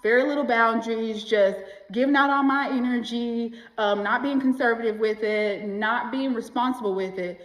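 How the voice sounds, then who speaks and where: A woman giving casual motivational talk to camera, animated and slangy, often acting out the voices of people she quotes. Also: fairly high pitch, normal speed, few pauses, echoey room, low-quality recording. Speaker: self-help vlogger.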